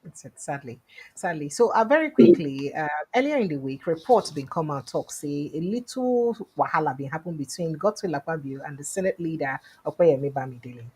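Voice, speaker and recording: A woman with a Nigerian accent hosting an online news show, telling the news in pidgin and acting out quoted lines loudly. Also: low-pitched, animated, brisk, breathy edge.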